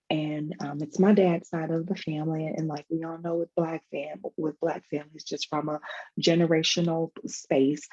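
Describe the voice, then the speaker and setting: A woman with a husky, gravelly voice and a mellow, dark tone tells a personal story in a panel conversation. She speaks emotionally and reflectively, pausing and restarting often. The sound comes through a dull, lo-fi video call. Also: low voice. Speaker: guest, foundation founder.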